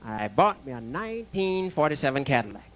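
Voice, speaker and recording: A man doing a stand-up comedy set in a club, jokey and animated, stammering through restarts and bantering with the crowd and the waiter. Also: medium pitch, brisk, a little hiss or hum.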